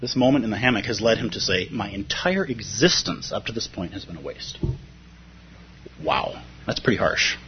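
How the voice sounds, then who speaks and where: A man's voice: fairly low pitch, lively intonation, normal speed, slight background noise. A man giving a reflective, conversational dharma talk about a poem, often checking in with his listeners. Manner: reflective, conversational, frequent "right?". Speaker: dharma teacher. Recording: muffled lo-fi talk recording.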